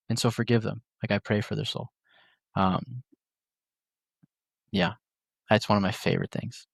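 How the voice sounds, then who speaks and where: A man's voice: mid-range voice, fairly bright tone, no room sound, studio quality. A young man hosting a podcast, telling a personal story in a rambling, casual way with many fillers. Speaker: podcast host. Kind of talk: casual conversation.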